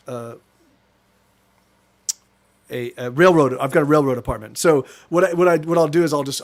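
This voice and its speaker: A man chatting casually on a livestream, rambling with many restarts and frequent swearing, from his small apartment. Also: a little high. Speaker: streamer.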